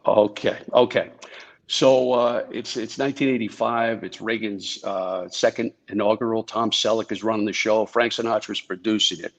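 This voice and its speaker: Speaking on a video call, this New Jersey man, once a Secret Service agent, tells casual stories loaded with fillers. He has a lowish, steady voice with vocal fry and a moderate pace.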